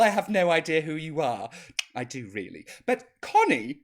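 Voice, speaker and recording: A man's voice: fairly high pitch, very animated, a little slow. A man hosting a live-streamed chat show as a cheeky camp drag grandmother, reading out viewer comments in a chatty, naughty way. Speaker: drag host playing a grandma.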